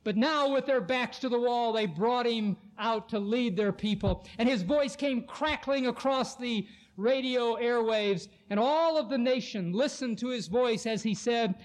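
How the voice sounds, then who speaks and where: A man preaching a sermon with an impassioned, oratorical delivery, slowing down dramatically to stress key lines. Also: extremely high pitch.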